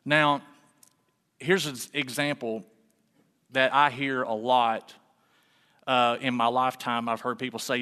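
A man preaching a sermon in a relaxed, folksy way, full of rhetorical questions, in a church sanctuary. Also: medium pitch, unhurried, long pauses, in a large hall. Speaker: pastor.

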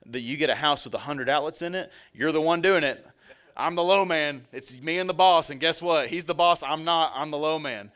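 A man's voice: fairly high pitch, a little fast, a bit bright. A male pastor giving a sermon in a conversational, joking way, speaking directly to his congregation.

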